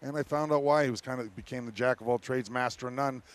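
A man who once played hockey talks fast in a medium-pitched voice, laughing a lot while spinning animated locker-room stories for a sports talk panel.

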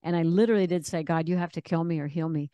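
A woman's voice: lowish voice, steady tone, fast talker, mellow, clear, resonant tone, no room sound, lo-fi sound. A woman author being interviewed, telling her story in an earnest, vivid way. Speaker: author and radio host. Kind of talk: faith interview, personal testimony.

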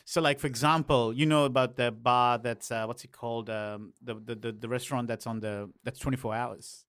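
Bright-voiced man, teasing. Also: medium pitch, fairly even intonation, smooth. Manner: teasing, quick interjections. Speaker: comedian podcast co-host. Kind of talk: casual chat.

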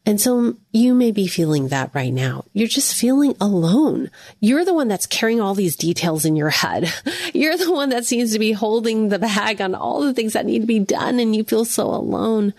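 A woman giving an earnest devotional teaching, speaking gently to the listener as a friend. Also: mid-range voice, no room sound, studio quality.

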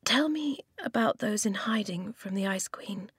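An anxious young girl whispers urgently and eagerly, her hushed voice climbing higher, as a woman narrator puts her on. The sound is dry and close to the mic. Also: animated, moderate pace, slightly rough, no echo.

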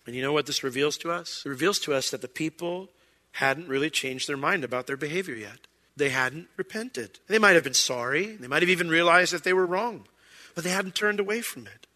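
A man preaching a sermon as pastor, animated and acting out quoted lines. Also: on the high side, a little fast, in a large hall.

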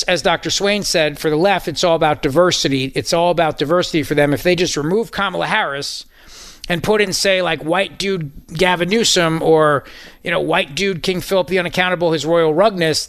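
A man's voice: on the high side, steady tone, fairly quick, a bit bright, clear, resonant tone, no room sound. A man hosting a talk radio show, joking sarcastically and sounding incredulous in casual studio banter. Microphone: studio microphone.

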